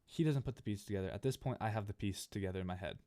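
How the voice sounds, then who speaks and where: Lowish-voiced young man rambling through a story. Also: rapid-fire. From California. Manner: rambling, animated retelling with many restarts. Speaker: gaming channel host. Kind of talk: casual storytime narration over gameplay.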